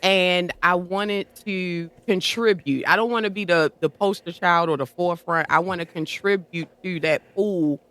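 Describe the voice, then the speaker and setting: A woman's voice: fairly low pitch, normal speed, few pauses. A woman guest on a podcast telling a story in a casual way, acting out what other people said. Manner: animated, acts out quoted dialogue. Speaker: podcast guest, horror streamer.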